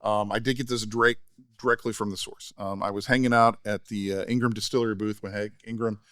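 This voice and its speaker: Lively storytelling man, low dry voice. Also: fast, clean tone, dry recording. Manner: animated storyteller, acts out quoted voices. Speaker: podcast co-host. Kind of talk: casual podcast chat.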